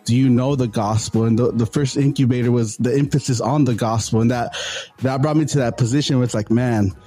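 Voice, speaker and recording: A man's voice: medium pitch, steady tone, fairly quick, warm tone, faint music behind. A man co-hosting a podcast, talking earnestly about faith in casual chat, often repeating and restarting his words.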